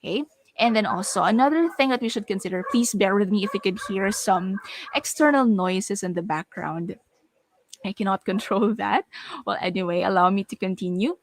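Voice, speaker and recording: A woman giving an online lecture on voice and speaking skills for teachers, speaking with clear, deliberate delivery and stressing her examples. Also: mid-range voice. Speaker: webinar speaker on voice training for teachers.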